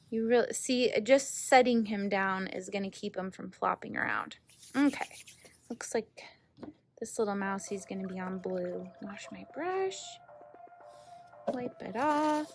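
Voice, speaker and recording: A woman teaching an art lesson to children, gentle and encouraging, asking the class questions and dropping to a whisper while she paints. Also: on the high side.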